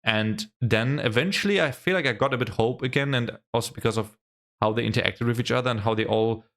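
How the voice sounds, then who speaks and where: A young man talks straight to camera in an easygoing, chatty reaction vlog. He sounds excitable and gushing, and his voice sits at an ordinary middle pitch for a man. He throws in "man" and "bro" all the time and swears now and then. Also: brisk. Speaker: reaction video host. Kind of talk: casual reaction vlog chat.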